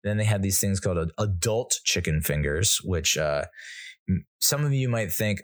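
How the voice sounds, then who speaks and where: A man's voice: low-pitched, animated, normal speed. A middle-aged man hosting a podcast, telling a rambling, self-correcting funny story and chuckling at his own jokes. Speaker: podcast host. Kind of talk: casual storytelling monologue.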